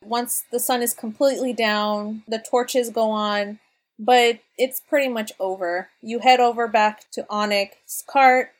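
Woman, game master, fairly high voice, casual narration, easygoing. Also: a little slow. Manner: relaxed, chatty, laughs often.

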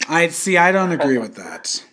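Young male podcast host with a high voice, crude and jokey, loose casual delivery. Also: very animated, moderate pace, a bit bright. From suburbs of New York City. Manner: crude joking, puts on an old-timey voice.

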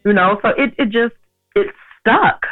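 A woman in her thirties, an interview guest telling a personal story in an animated way, acting out the people in it. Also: a little high, unhurried, soft background music. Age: 30s. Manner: animated, acts out others' lines in her story. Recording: tinny phone-like sound.

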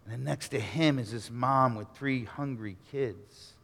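A man preaching a sermon, telling a story dramatically and swinging from near-shouts to hushed murmurs. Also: medium pitch, measured pace, gravelly, in a large hall. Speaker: pastor.

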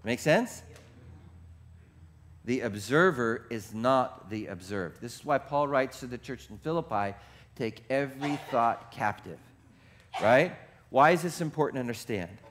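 Preaching to his congregation, this man moves between soft, thoughtful passages and fast, shouted bursts, stopping to ask them questions. He speaks at a medium pitch with lively intonation.

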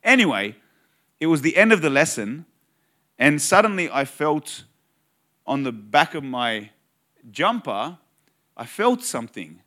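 A man giving a sermon as a pastor, telling a personal story in an earnest, conversational way and slowing down to stress key phrases. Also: on the high side, big pitch swings, bright, forceful tone.

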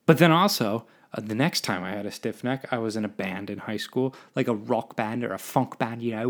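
Rambling young podcast host. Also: male voice, lowish voice, a little fast, hardly any pauses, a bit bright. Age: 20s. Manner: rambling, self-deprecating, drifting between topics. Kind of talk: solo podcast monologue.

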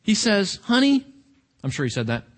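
A man with a high voice delivers a sermon. He talks to his listeners casually but with emphasis, often asking them questions. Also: animated, measured pace, fairly bright tone. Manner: conversational, emphatic with rhetorical questions. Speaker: preacher.

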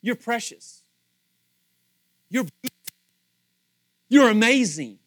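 A male pastor giving a sermon in a chatty storytelling way, acting out little scenes and swinging from loud to soft. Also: extremely high pitch, animated, takes it slowly, no room sound. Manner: conversational storytelling, acts out voices.

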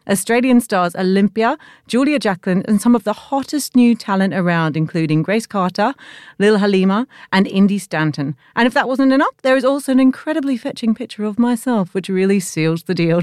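A woman hosts a podcast in an upbeat, enthusiastic way and laughs easily. Her voice sits at an ordinary middle pitch, and the sound is dry and close with no room echo. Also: a little mellow. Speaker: podcast host. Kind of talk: scripted intro then casual interview chat.

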